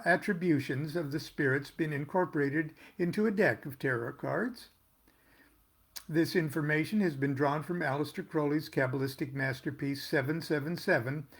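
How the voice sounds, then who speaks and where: An older American man reading aloud from his own tarot booklet, pausing to explain terms and make small jokes. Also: on the high side, gravelly, slightly rough. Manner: unhurried, stops to explain and joke. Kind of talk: casual reading with asides.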